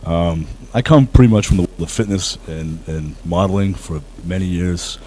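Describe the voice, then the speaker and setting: A very low, mellow-voiced man speaks as a guest in an interview. He talks about his work humbly, with frequent fillers and restarts. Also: normal speed, slight background noise, poor audio. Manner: humble, hesitant with many fillers. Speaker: actor guest. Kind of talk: casual interview.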